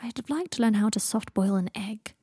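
A woman's voice: mid-range voice, brisk, warm tone, breathy edge, dry recording. A woman voicing a sardonic, dying young wizard man, dry and sulky, often murmuring. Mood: murmured.

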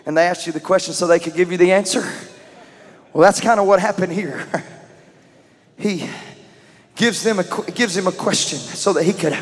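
High-voiced preacher in an echoing hall. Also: male voice, moderate pace, pauses often. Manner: shouts and chants praise, then explains scripture conversationally. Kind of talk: sermon. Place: church sanctuary.

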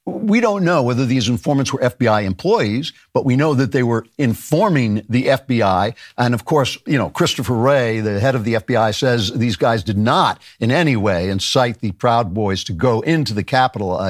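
A man's voice: mid-range voice, normal speed, hardly any pauses, dry recording, studio quality. A man hosting a comic political monologue, sardonic and mocking, who laughs at his own jokes. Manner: animated, shouts mock voices of others. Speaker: political commentator and show host.

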